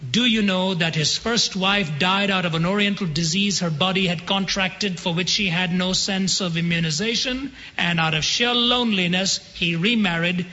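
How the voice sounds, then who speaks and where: A man delivers a sermon in a high, bright, ringing voice, slowing down and pausing dramatically to land his points. His voice rolls around a large hall with a long reverb, and the recording is somewhat dull and muffled. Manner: dramatic pauses, slows down for emphasis. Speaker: preacher. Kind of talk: sermon storytelling.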